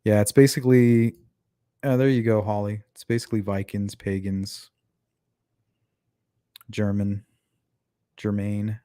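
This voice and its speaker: Male streamer host, low mellow voice, dry close mic, chatty and rambling. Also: flat delivery, unhurried, pauses often, dry recording. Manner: rambling, chatty, answers viewer chat. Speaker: livestream host. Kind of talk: casual livestream talk.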